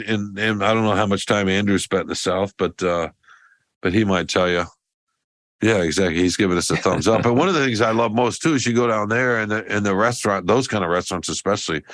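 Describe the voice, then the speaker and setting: A man's voice: on the low side, a bit bright, no room sound. A man co-hosting a podcast, telling a long, rambling story in casual chat with many restarts. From American South. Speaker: podcast co-host.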